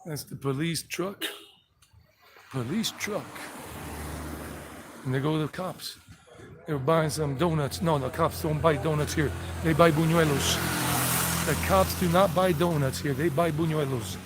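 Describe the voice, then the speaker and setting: Middle-aged American man, slightly high voice, rambling live-stream tour guide recorded outdoors over traffic. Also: unhurried, pauses often. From United States. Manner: rambling, repeats himself, sings song snippets. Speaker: vlog host giving a walking tour. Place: outdoors on city streets. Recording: outdoor street noise behind voice.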